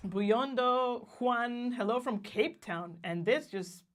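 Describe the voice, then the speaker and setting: Upbeat woman from guatemala hosting a livestream, kinda high voice, laughs a lot, greets everyone. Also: slow, soft background music. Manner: cheerful, laughs often, greets viewers by name. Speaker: livestream co-host. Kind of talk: casual livestream chat.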